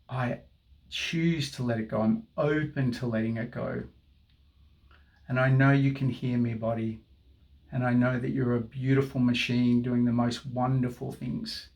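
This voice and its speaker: Slow, gravelly man leading affirmations. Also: medium pitch, steady tone, a little mellow. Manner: slow, repetitive affirmations for viewers to repeat. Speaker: tapping guide. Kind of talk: guided tapping session.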